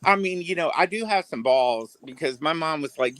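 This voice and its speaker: A man telling stories on a casual livestream, animated, profane and stammering as he talks. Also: fairly high pitch, normal speed, no room sound. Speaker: streamer.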